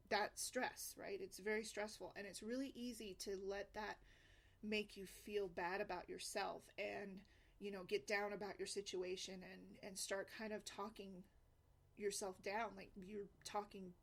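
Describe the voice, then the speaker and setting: A woman talking earnestly in a casual vlog, conversational and often asking "right?". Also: medium pitch. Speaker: single mom blogger.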